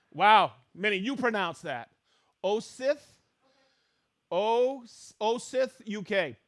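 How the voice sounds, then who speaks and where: Middle-aged male livestream host, bright high voice, unhurried, playful shout-outs. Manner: excited, playful, reading out viewer locations. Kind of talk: live-stream shout-outs to viewers.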